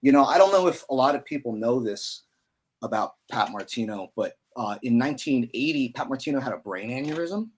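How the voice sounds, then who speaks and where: A man's voice: medium pitch, expressive, a little fast. Chatty man in his thirties. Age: 30s. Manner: loose and chatty, many fillers and slang. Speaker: podcast guest, musician. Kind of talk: casual storytelling.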